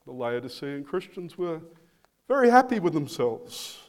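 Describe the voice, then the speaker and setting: Male pastor, sermon delivery, unhurried and emphatic, slightly raised pitch. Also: big pitch swings. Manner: slow, emphatic preaching with repeated phrases.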